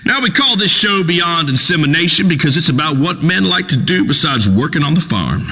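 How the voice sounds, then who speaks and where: A swaggering redneck radio host. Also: male voice, a little high, very animated, brisk, long reverb tail, exaggerated voice. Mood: boastful. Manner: loud folksy swaggering rant, Southern drawl. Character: crude boastful male redneck talk show host. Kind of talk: comedic radio show in a video game.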